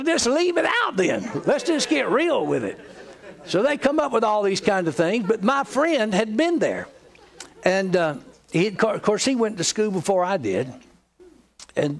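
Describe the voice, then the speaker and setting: A middle-aged pastor from Georgia, USA, preaches a sermon in a Southern American accent, weaving in folksy, humorous stories. His voice sits high and has a gravelly edge.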